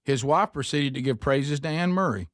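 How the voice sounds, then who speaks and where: A man's voice: mid-range voice, lively intonation, normal speed, no echo, clean studio sound. A man hosting a radio talk show, reading a listener's email aloud and tossing wry asides to his co-hosts.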